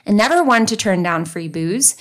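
A woman's voice: medium pitch, lively intonation, moderate pace. A woman from the American South hosting a podcast, narrating a true crime case with wry asides. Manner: conversational, reads facts then comments wryly. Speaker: podcast host.

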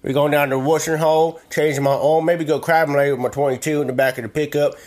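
A man's voice: on the high side, steady tone, fast talker, darkish tone, close to an everyday voice. A man voicing a rowdy, stubborn country dad in an American country accent, drawling and bossy.

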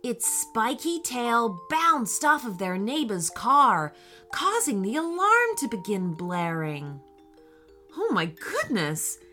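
A woman narrating a children's story in a slow, expressive reading style. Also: on the high side, faint music behind.

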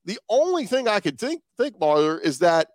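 A man co-hosting a casual sports podcast, talking quickly and posing rhetorical questions. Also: sits high, big pitch swings, no echo, studio quality. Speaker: guest podcast co-host.

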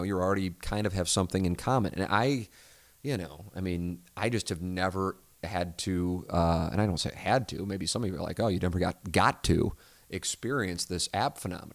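Deep-voiced and married, this podcast host works through a listener email in a loose, profane, rambling monologue, restarting often and wandering into asides. The recording has no room sound.

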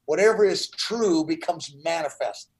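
A man's voice: on the high side, moderate pace, poor audio. A man in his sixties telling a personal story as an interview guest, earnest and full of restarts. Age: 60s.

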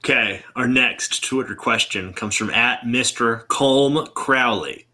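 A man hosting a podcast, briskly reading out listener questions and moving the show along. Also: mid-range voice, pushed and bright. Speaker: podcast host.

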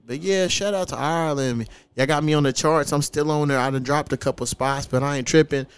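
A man in his thirties, hosting a casual podcast and talking in a profane, animated way with frequent laughs. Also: fairly high pitch, brisk, smooth. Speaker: podcast host.

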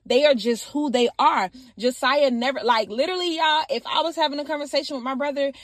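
A young woman delivers a casual, faith-based message with a high, bright voice. She talks straight to her listeners and builds emphasis by repeating phrases. The recording is close and dry, with no room sound. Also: fairly quick, dry recording. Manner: informal, animated, repeats phrases for emphasis and often says "y'all". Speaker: podcast host. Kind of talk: faith-based motivational talk.

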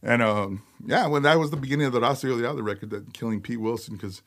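A middle-aged man, a metal singer telling stories as a podcast guest, animated, laughing and swearing freely. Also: medium pitch, quick pace. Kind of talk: casual storytelling chat. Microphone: podcast studio mic.

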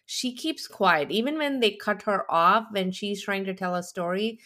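A woman in casual podcast chat recapping a reality show, acting out the people she quotes with big, animated voices. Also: medium pitch, moderate pace. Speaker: podcast co-host.

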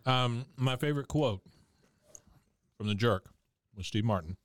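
A man's voice: medium pitch, unhurried, dry recording. A man co-hosting a podcast, casually retelling a favorite movie scene with relish. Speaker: podcast co-host. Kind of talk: casual chat.

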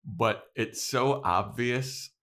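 A man's voice: medium pitch, drawn-out words, sharp tone. A man co-hosting a podcast, recapping scenes in a laid-back, casual way. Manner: retells scenes with acted-out quotes, laid-back. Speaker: podcast co-host. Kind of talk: casual chat.

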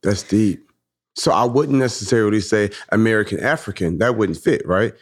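A man's voice: lowish voice, moderate pace. A man in his thirties co-hosting a podcast, talking in a casual, reflective way and telling stories. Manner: reflective, storytelling with animated quoted voices. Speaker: podcast co-host.

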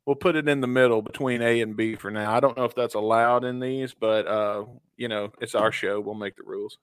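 A man with a smooth, resonant voice co-hosts a casual podcast, reading out listener stories in an easy, laid-back way. The sound is dry and close, with no room around it. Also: mid-range voice, fairly even intonation, brisk, no echo. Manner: laid-back, reads stories aloud and ranks them, chuckling. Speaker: podcast co-host.

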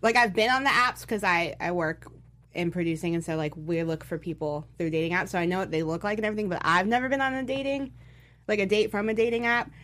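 A woman's voice: mid-range voice, fast talker, fairly bright tone. A young woman chatting casually as a podcast co-host, full of "like" and "you know" fillers, with the hiccups. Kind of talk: casual chat.

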